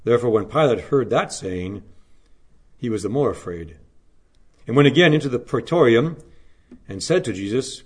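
Reading scripture aloud and then preaching, a pastor gives a Good Friday sermon in a mid-range voice with lively intonation. He stays earnest and measured, building to dramatic rises and sinking into hushed drops.

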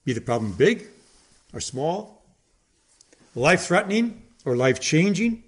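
A male preacher delivering a sermon with a fairly high voice. He builds his points with dramatic pauses and emphasis, then drops suddenly to a near hush. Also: lively intonation.

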